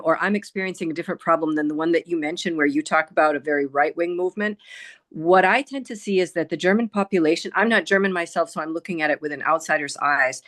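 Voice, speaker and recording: Thoughtful woman asking a question. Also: on the low side. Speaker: audience member asking a question. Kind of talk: Q&A question on a video call.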